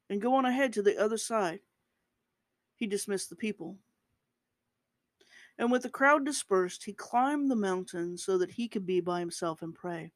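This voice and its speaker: A woman preacher delivers a relaxed, conversational sermon at a middling pitch, rising in emphasis at key points. The recording is close and dry, with no room sound. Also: no room sound. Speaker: preacher, podcast host.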